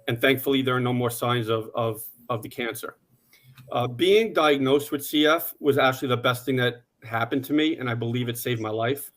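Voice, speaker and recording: A man in his forties telling his personal story on a panel in a steady, plain way, with some "uh" fillers. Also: medium pitch. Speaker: conference panelist.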